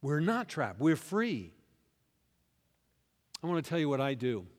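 A man preaching a sermon as pastor, moving between quiet confiding asides and loud rousing call-and-response with the congregation. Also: on the high side, very animated, measured pace. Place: church hall. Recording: long reverb of a large hall.

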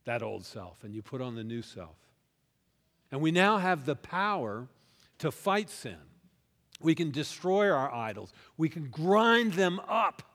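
A man preaching a sermon as pastor, moving between quiet confiding asides and loud rousing call-and-response with the congregation. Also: medium pitch. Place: church hall. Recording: long reverb of a large hall.

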